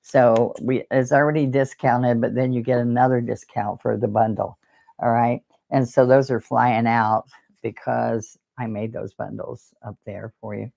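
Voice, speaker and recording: With a gravelly, warm bass voice, a woman leads a live painting class. She talks through every brushstroke she demonstrates, chatting freely and wandering into tangents.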